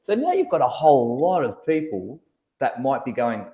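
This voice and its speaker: A man's voice: mid-range voice, moderate pace. Joking man in an echoey room. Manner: joking, animated storyteller. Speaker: host. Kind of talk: casual chat.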